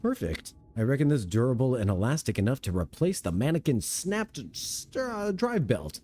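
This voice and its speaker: A man's voice: mid-range voice, sing-song, normal speed, warm tone, soft background music, close to an everyday voice. A man reading aloud the lines of a plain-spoken male adventurer companion from a video game, in his own everyday voice. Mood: matter-of-fact.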